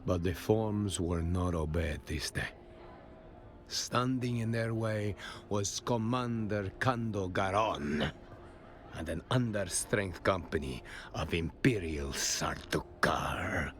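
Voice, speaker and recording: A gruff Italian-accented old soldier. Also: male voice, sits low, animated, slow, a little hiss or hum. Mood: somber. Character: gruff male veteran soldier turned bar bouncer. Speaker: non-player character in a video game. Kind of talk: video game voice acting.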